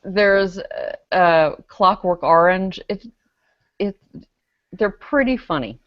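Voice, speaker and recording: A woman's voice: lowish voice, lively intonation, takes it slowly, no echo. A woman on a casual web panel show, presenting a news story with dry sarcasm as she reads comments aloud. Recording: dry, dull lo-fi video call audio.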